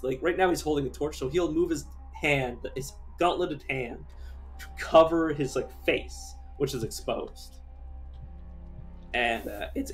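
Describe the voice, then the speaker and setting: A man giving casual, rambling commentary while streaming a game, chatty and given to casual swearing. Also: medium pitch.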